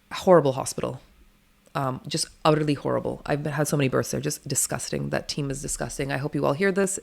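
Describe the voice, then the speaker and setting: A woman's voice: low voice, vocal fry. A woman, a doula and interview guest, telling her stories in a blunt, emphatic way and swearing freely. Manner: rapid, run-on storytelling. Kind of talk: candid storytelling interview.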